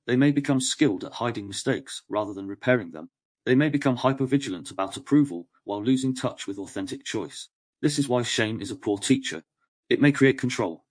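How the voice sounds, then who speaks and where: A man narrating a nonfiction audiobook in a calm, measured, even voice. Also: medium pitch, no room sound.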